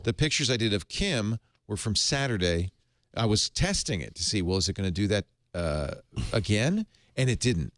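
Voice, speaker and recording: A man's voice: lowish voice, very animated, moderate pace, no room sound. A man hosting a radio tech show, chatting in a playful, self-mocking way. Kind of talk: casual radio chat.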